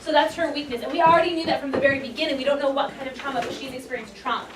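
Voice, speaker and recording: A woman's voice: high voice, steady tone, rapid-fire. A woman teaching a class, upbeat and encouraging, playfully hyping the lesson. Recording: echoey room, mic far off, noisy.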